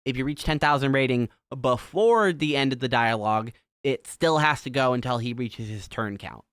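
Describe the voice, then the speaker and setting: A man's voice: medium pitch, normal speed, a bit bright, clear, resonant tone, no room sound, studio quality. A man in casual podcast chat, explaining a video game in a laid-back way.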